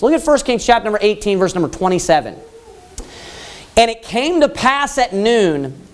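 Guy preaching, talks casual with lots of fillers, voice jumps around a lot. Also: high-pitched. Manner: casual, conversational, lots of fillers, acts out scenes. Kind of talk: sermon.

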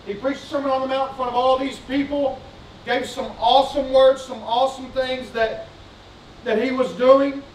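A man's voice: extremely high pitch, steady tone, moderate pace, a little hiss or hum. A male pastor preaching a sermon, fervent and repetitive, putting questions to his congregation. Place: church sanctuary. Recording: roomy sanctuary sound, distant mic.

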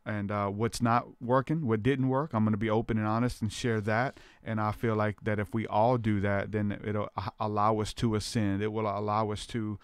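A man with a low, smooth, resonant voice talks through his ideas earnestly and reflectively, often stopping on fillers as he finds his words. He is recorded close and dry. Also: little pitch movement, normal speed, hardly any pauses, dry recording. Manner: earnest, thinks aloud with many fillers. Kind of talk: reflective conversation.

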